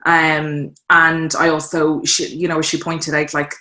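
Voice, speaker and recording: Low-voiced Irish woman, bright and roomy. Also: a little slow. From Ireland. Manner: lively storyteller, acts out quotes in voices. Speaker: guest, fashion designer. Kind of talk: casual interview chat.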